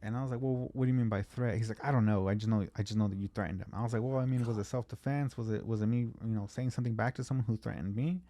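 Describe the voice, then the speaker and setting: A man's voice: lowish voice, fairly even intonation, rapid-fire, few pauses, warm tone, no echo. A man, a comedian, telling a rambling, profane story in casual podcast chat and acting out what people said.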